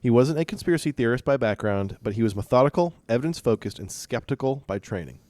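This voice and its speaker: A man hosting a podcast, chatting casually and walking through a story with halting restarts and fillers. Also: mid-range voice, lively intonation, darkish tone, no echo. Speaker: podcast host presenting stories. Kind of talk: casual chat and story rundown.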